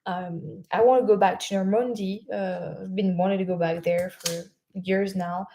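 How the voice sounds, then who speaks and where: A woman's voice: mid-range voice, fairly even intonation, moderate pace, warm tone, a little hiss or hum. A young French woman hosting a casual livestream, reading out viewer comments, chatty and laughing often, with many fillers and restarts. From France.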